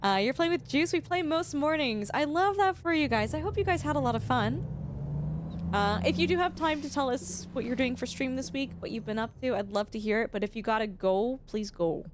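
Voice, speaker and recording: A woman's voice: high voice, lively intonation, a little fast, slight background noise. A woman streamer chatting casually with her live viewers, bubbly and effusive, laughing often.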